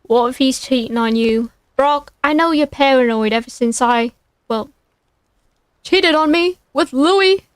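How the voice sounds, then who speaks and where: A woman's voice: high-pitched, measured pace, smooth, dry recording. A woman voicing a sleepy, theatrical young man who scolds a friend. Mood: dramatic.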